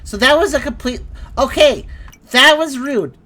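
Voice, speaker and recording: A woman's voice: sits high, a little slow, sharp tone. A woman giving casual let's-play commentary, exclaiming and thinking aloud as she plays. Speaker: gameplay commentator.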